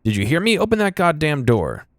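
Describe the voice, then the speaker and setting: A man's voice: on the high side, wildly swooping pitch, a little fast, no echo, studio quality, voice pushed up. A man voicing an urgent, commanding male officer in a video game. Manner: commanding, insistent.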